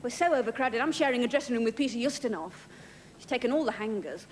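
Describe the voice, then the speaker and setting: A woman's voice: fairly high pitch, lively intonation, quick pace. A woman comedian doing a stand-up routine on a large theatre stage, with a dry, self-deprecating delivery. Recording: noisy 1980s television broadcast with audience.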